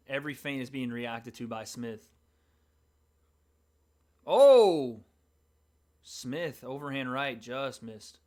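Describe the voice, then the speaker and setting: Excitable guy streaming, casual fight play-by-play, medium voice. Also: mid-range voice. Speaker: livestream host. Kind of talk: live fight commentary and reaction.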